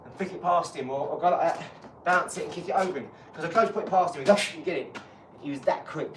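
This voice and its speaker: A man's voice: a little high, fast. A man, chatting casually on a live stream during a boxing workout, rambling and swearing freely. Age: 40s. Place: home workout room. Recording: echoey room, distant mic, loud noise.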